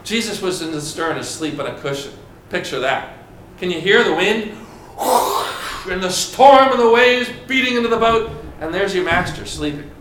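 High-voiced preacher in an echoey hall. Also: male voice, expressive, background noise. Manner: questions the congregation, dramatic pauses and emphasis. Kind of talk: sermon. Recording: echoey room with faint ambience.

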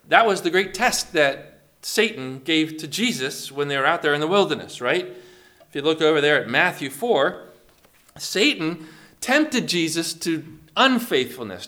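Bright-voiced man preaching a sermon. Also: fairly high pitch, big pitch swings, measured pace. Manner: asks the congregation questions, calls on members by name. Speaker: pastor.

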